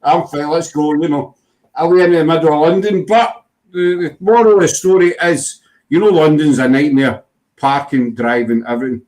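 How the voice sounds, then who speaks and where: Speaking at a normal speed, a podcast host with a highish, somewhat dark voice meanders through stories in easygoing conversation. He leans on "you know" a lot, and the recording quality is rough.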